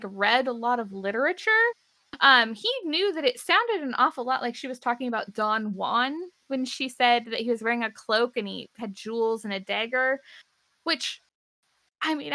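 High, bright-voiced woman chatting animatedly. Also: no room sound. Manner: animated, swearing, laughing often. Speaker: podcast co-host. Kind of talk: casual chat recapping a TV episode.

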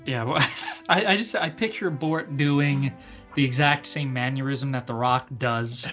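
A man chats through his moves in a tabletop game, often laughing and restarting his sentences. His voice sits at an ordinary pitch. Soft music plays faintly in the background. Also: measured pace. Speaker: player. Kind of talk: casual tabletop game play.

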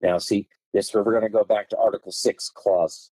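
A man's voice: fairly low pitch, fairly even intonation, fairly quick, mellow, husky, no room sound, poor audio. A man explaining law as a podcast guest, reading passages aloud and hammering key words with strong emphasis.

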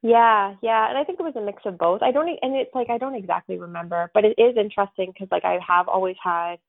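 A woman's voice: medium pitch, quick pace, vocal fry, dry recording. Woman talking over a tinny line. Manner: rambling, many fillers and restarts. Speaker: podcast guest. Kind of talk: casual conversational storytelling.

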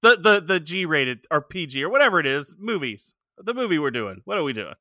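A man's voice: a little high, big pitch swings, a little fast, sharp tone, no room sound, clean studio sound. A man in his forties co-hosting a podcast in casual, joking chat and laughing often. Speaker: podcast co-host.

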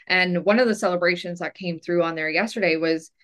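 A woman's voice: lowish voice, fairly quick, fairly bright tone. A woman who runs a business, a guest on a podcast, talking casually with many filler words. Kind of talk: casual interview chat.

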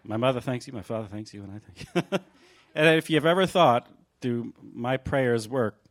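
A man in a church giving short, halting, grateful thanks to the congregation. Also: mid-range voice. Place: church sanctuary.

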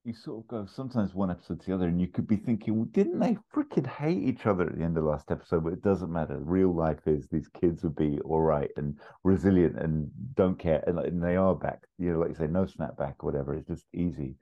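A man co-hosting a podcast, chatting casually and retelling scenes in a rambling, animated way. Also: sits low, fast, hardly any pauses, muffled recording. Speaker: podcast co-host. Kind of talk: casual chat.

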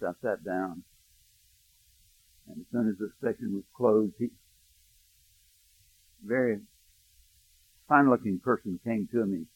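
A male pastor preaching a sermon, telling a personal story, hushed in tender moments and rising to emphatic preaching. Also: lowish voice, breathy edge. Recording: dry, thin phone-like sound.

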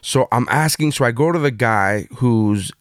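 A man telling a story in casual chat, animated and swearing freely. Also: mid-range voice, normal speed, no room sound, studio quality.

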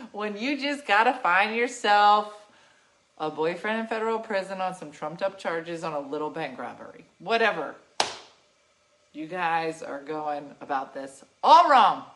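A middle-aged woman telling a story to her livestream viewers in an animated, sassy way, laughing often. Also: lowish voice. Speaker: livestream host.

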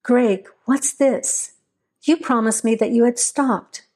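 A woman's voice: a little high, slow pace, darkish tone. A woman voicing a frightened young woman who pleads anxiously with her boyfriend. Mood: pleading.

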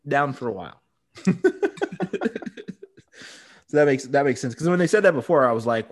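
A man's voice: mid-range voice, animated, normal speed, pauses often. Brief: man in a casual podcast chat who recaps the plot and laughs easily. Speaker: podcast co-host.

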